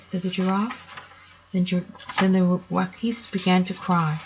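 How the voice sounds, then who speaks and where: A woman reading a children's story aloud in a gentle, measured way. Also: fairly low pitch, breathy edge, lo-fi sound.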